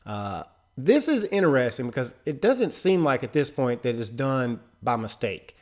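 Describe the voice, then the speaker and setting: A man's voice: medium pitch, sing-song, normal speed. A man hosting a casual commentary video, talking loosely and conversationally with frequent filler asides. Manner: loose and conversational, fills with "right?" and "you know". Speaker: host. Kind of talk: casual commentary on a film trailer.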